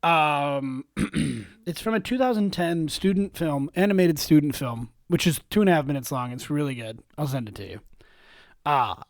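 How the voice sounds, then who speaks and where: A man co-hosting a casual podcast, animated and giggly, often restarting his sentences. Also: a little high, normal speed, dry recording, clean studio sound. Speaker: podcast co-host. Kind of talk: casual chat.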